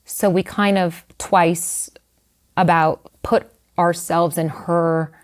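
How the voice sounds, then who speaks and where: A young adult woman telling a personal story in a candid, animated way, full of "like" and "you know". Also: lowish voice, slow. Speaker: guest writer. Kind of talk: conversational storytelling.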